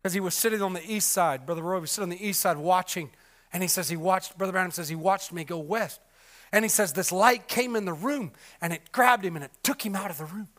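High, bright-voiced impassioned male preacher. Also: brisk. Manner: impassioned, swings from loud cries to hushed murmurs; repetitive, restarts with many fillers. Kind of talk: sermon.

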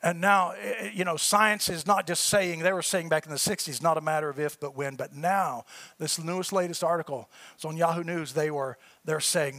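A male preacher reading scripture in a sermon, rising to shouted peaks and dropping to quiet asides. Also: steady tone, moderate pace, no echo. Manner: builds to high shouting peaks, then drops to quiet asides.

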